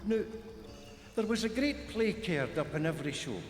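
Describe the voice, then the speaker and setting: A man's voice: high voice, sing-song, normal speed, faint music behind. A Scottish man telling a traditional folk tale to a live audience, in a homely, rambling way with asides. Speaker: storyteller. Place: concert hall. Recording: live concert hall, echoey with long reverb.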